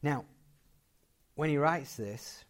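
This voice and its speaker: A man preaching a sermon, emphatic, repeating key phrases and swinging between loud and soft delivery. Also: a little high, slow.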